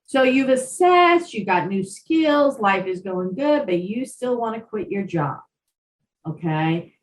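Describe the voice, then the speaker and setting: A woman's voice: mid-range voice, slow pace. Roomy, distant-sounding chatty woman. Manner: lively, talkative, tells anecdotes. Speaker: podcast co-host, career coach. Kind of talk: casual chat. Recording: roomy, distant mic, faint background noise.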